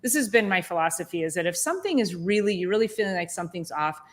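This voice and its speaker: A woman chiropractor hosting a podcast, telling a story in an animated, indignant way with lots of restarts. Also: fairly low pitch, fast. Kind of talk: casual podcast chat.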